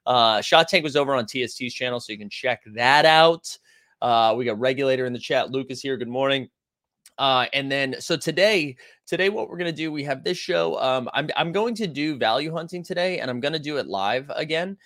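A man's voice: medium pitch, brisk, fairly bright tone, dry recording, studio quality. A man hosting a live stream, chatting casually and rambling with many fillers and restarts. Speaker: livestream host.

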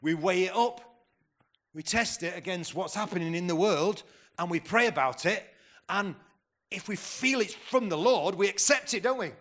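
Brief: fifties man, a bit high-voiced, fired-up conference preacher who throws questions at the crowd. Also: moderate pace, a bit bright. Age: 50s. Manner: rousing, asks the crowd questions, stumbles and restarts. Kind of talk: conference sermon.

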